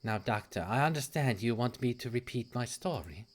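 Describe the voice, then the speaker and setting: Reading game dialogue aloud, a man voices a composed Victorian woman recounting a dreadful story in a low, hushed, measured tone. His intonation is lively and stays close to an everyday voice.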